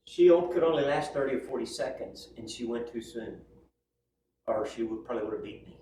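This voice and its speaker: A chatty male lecturer who keeps checking in with "right?" and "yes?" as he teaches. His voice sits at an ordinary middle pitch and is caught from across a roomy classroom, with a faint hum of room noise behind him. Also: a little mellow, distant mic. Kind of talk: classroom lecture with personal anecdotes.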